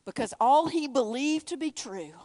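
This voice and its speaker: A woman preaching a sermon, swinging between loud emphatic lines and hushed, whispered ones. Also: high voice, animated, normal speed, no echo.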